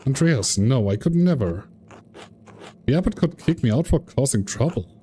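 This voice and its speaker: A man's voice: lowish voice, very animated, normal speed, dark tone, slight background noise. A man voicing a timid, anxious young male monk who pleads and frets. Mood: panicked. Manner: pleading, fretful.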